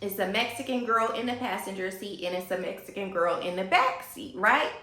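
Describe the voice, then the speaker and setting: A woman telling a story in a casual vlog, animated and gossipy, talking straight to her viewers. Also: mid-range voice, brisk, reverberant.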